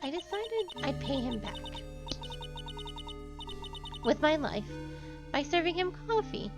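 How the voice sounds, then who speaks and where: A creepy young waitress who speaks slowly and softly in a calm, eerie tone, voiced by a woman. The pitch is high, and clear music plays behind her. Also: exaggerated voice. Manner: slow, quiet, unsettling.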